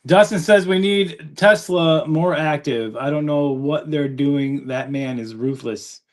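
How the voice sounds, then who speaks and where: A man's voice: fairly high pitch, a little slow. A man hosting a live sports podcast, chatty and upbeat as he reads viewer comments aloud. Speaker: podcast host.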